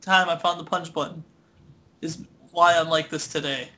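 Bright-voiced young man chatting loosely. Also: a little high, steady tone, moderate pace. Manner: rambling, laughing, swearing often. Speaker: podcast co-host. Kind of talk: casual chat.

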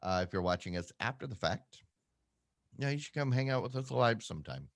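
Expressive and recorded dry in clean studio sound, a man co-hosts a podcast. His casual talk wanders, makes fun of himself, and leaps quickly in pitch.

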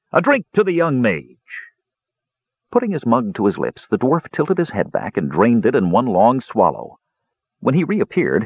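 A man narrating a fantasy audiobook in an expressive, dramatic reading. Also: fairly low pitch, breathy edge, no room sound, dull audio.

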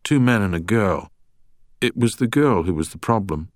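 A man's voice: lowish voice, expressive, normal speed, dry recording, clean studio sound, close to an everyday voice. A man voicing a well-spoken young man who is a recovering heroin addict, hesitant and uneasy. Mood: nervous, confessing.

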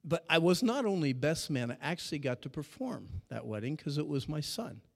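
A middle-aged man preaching an animated sermon to young people, swinging between shouting and hushed storytelling. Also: on the high side, brisk, creaky. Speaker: youth speaker. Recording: long reverb of a large hall.

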